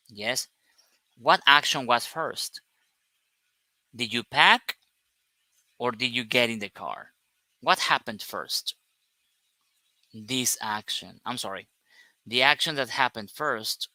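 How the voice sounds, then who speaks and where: A man's voice: medium pitch, pushed and bright, no room sound. A man teaching an English grammar lesson, explaining step by step, stressing words one at a time and checking in with short questions.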